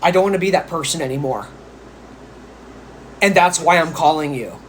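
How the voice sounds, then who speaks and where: A man voicing a remorseful woman caller who is quietly confessing her past. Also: a little high, lively intonation, normal speed, a little hiss or hum, lightly acted.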